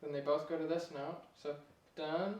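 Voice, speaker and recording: A man's voice: fairly high pitch, normal speed, distant mic, dull audio. Young man teaching piano in an echoey room. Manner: relaxed, chatty, chuckles at himself. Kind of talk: casual video lesson.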